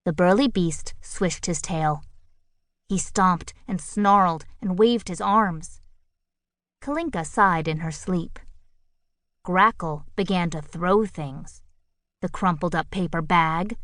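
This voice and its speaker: Slow, lively woman reading a storybook. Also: on the low side, no room sound, studio quality. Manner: expressive, playful storytelling. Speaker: audiobook narrator. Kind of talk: children's storybook narration.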